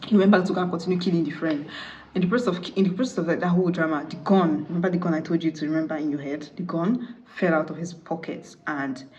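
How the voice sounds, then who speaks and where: A woman recaps a movie in a quick, chatty flow full of fillers, acting out the characters as she goes. Her voice sits fairly low. The audio sounds slightly distant and dull, with a faint hum of noise behind it. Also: fairly even intonation, darkish tone. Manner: chatty, full of "like", acts out the dialogue.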